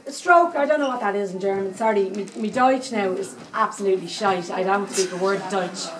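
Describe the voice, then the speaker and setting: A woman's voice: medium pitch, a little fast, slight background noise, natural voice. A woman performing a foul-mouthed 78-year-old Dublin psychic in a live stage comedy monologue, with a thick Dublin accent and constant swearing asides. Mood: cheeky. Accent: Dublin Irish. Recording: echoey room, mic far off.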